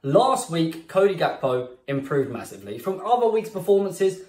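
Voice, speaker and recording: A man hosting a football fan channel, giving his opinions in a casual, jokey, animated way. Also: a little high, moderate pace. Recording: roomy echo, a bit far from the mic.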